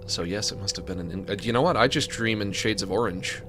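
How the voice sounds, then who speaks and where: Game music plays behind a fast-talking man with a fairly low voice and a noisy background. Live-streaming a game, he keeps up casual commentary, rambling and joking with himself and his chat.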